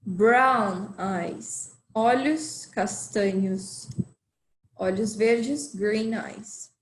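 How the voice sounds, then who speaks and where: Slow, patient woman language teacher. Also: mid-range voice, steady tone, echoey room, rough recording. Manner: slow, repeats phrases for learners. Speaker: Portuguese teacher.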